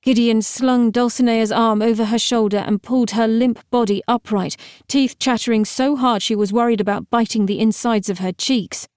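A woman reading an audiobook as narrator, telling the story in a steady, measured way. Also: on the high side, clean tone, no room sound, studio quality. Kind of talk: scripted narration.

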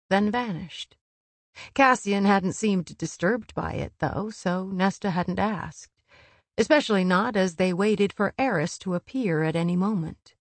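A woman narrating an audiobook in a calm, measured reading. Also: mid-range voice, no room sound. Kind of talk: scripted narration.

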